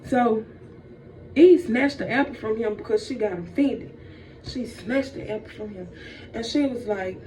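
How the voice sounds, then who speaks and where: Chatty high-voiced woman telling a story. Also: measured pace, warm tone. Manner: slangy, chatty, addresses listeners as y'all. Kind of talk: casual comedic storytelling. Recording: dull, distant, faint noise.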